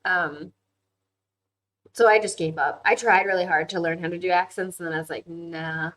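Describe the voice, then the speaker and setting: Woman, young adult, casual livestream host, lowish voice, chatty, laughs easily, lots of "like". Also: brisk, a bit bright, poor audio. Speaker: livestream host reading viewer comments.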